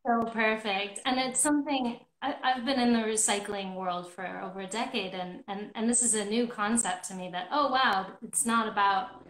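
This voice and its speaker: A woman hosting an online movie discussion, talking casually with many pauses and restarts. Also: medium pitch, a bit bright, roomy sound, poor audio. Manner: friendly, hesitant, many ums and restarts. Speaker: host of a movie discussion club.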